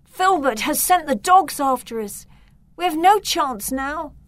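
A woman voicing a frightened, ashamed orphan boy in a storybook reading, hushed and anxious. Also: mid-range voice, lively intonation, unhurried, dry recording. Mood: panicked.

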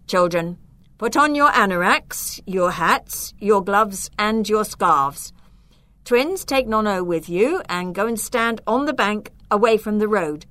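A woman's voice: fairly high pitch, sing-song, takes it slowly, no room sound, full character voice. A woman voicing a firm, tense father. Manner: firm, instructing.

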